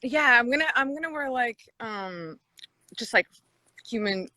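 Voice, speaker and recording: A woman guesting on a phone livestream, laid-back and quick to laugh as she rambles. Her voice is bright and slightly high, with lively swings in pitch and a close, dry sound. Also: no echo. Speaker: guest musician. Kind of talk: casual livestream chat. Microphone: phone video stream.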